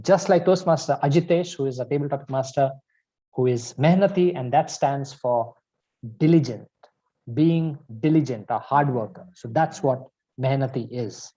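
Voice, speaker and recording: A man hosting a speaking club meeting, speaking in a measured, drawn-out way and coaxing people to repeat a word. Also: mid-range voice, dark tone, dull audio. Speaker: meeting host.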